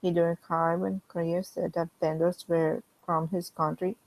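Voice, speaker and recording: Unhurried and fairly low in pitch, a fan reads a fanfiction story aloud in character with a strained throat. She reads steadily but breaks off for chatty remarks to viewers, all on a low-quality recording.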